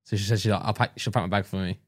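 A man co-hosting a podcast, chatting casually in a quick-witted, jokey way. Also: on the low side, fairly even intonation, no echo, clean studio sound. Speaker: podcast co-host, YouTuber. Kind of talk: casual chat.

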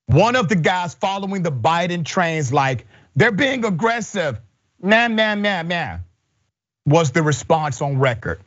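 Indignant male news commentator, lively pitch. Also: slightly rough, highs cut off. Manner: indignant, emphatic. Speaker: host.

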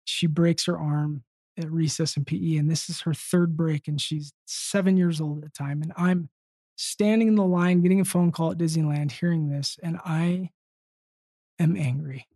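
A man telling a personal story in casual conversation, earnest and halting with frequent restarts. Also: fairly high pitch, steady tone, mellow, dry recording. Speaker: podcast guest.

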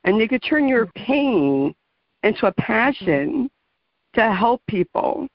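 A woman's voice: a little high, sing-song, slow, gravelly, no echo. A woman host with a New Jersey accent, interviewing a guest in an enthusiastic way with frequent "uh" fillers. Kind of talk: interview conversation. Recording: dry muffled lo-fi audio.

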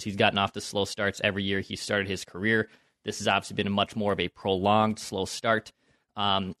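A man's voice: fairly low pitch, bright, forceful tone, no echo, studio quality. A man co-hosting a sports podcast in rambling casual chat. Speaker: co-host.

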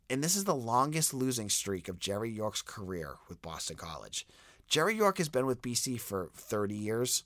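Young male podcast host, animated and chatty, crisp bright tone. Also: mid-range voice, no echo, studio quality. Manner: animated, conversational, frequent restarts and stammers. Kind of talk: solo sports podcast commentary.

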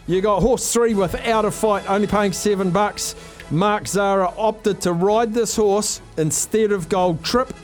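Brief: New male radio host, high voice, bubbly and quick with the racing form, faint music under him. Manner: excitable, upbeat, rattles off racing form. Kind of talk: phone-in radio chat.

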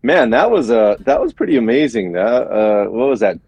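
A man's voice: medium pitch, big pitch swings, normal speed, a little mellow, breathy edge, no room sound, highs cut off. A man in his forties, a guest musician on a podcast, explaining things in an easygoing way with fillers. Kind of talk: casual interview chat.

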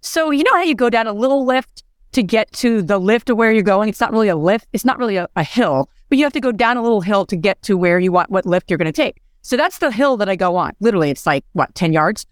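Woman in her 40s hosting a podcast, middle pitch, storytelling, laughs a lot, dry audio. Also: expressive, quick pace, dry recording. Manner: chatty storytelling, laughs often, asks "right?". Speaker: podcast host. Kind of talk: casual podcast chat.

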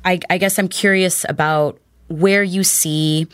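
A woman's voice: on the low side, fairly even intonation, measured pace, clean tone, no room sound. A woman hosting a casual podcast conversation, playful and thoughtful as she asks questions.

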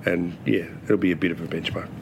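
A man's voice: sits low, steady tone, quick pace, heavy background noise. An Australian man, a football coach, answering questions plainly at a post-match press conference.

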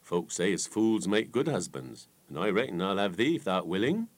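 A man's voice: sits low, very animated, moderate pace, full character voice. A man voicing a practical, kindly country lass. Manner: plain-spoken, reassuring rustic dialect.

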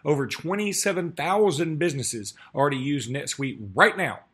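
A man's voice: a little high, expressive, moderate pace, fairly bright tone, breathy edge. A man reading sponsor ads for a podcast from a hotel room, loose and joking. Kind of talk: ad read.

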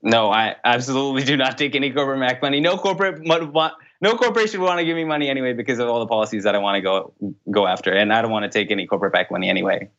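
A young man answering interview questions as a political candidate, in an earnest, brisk way with frequent fillers. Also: medium pitch, fairly bright tone. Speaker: congressional candidate. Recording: dull lo-fi sound.

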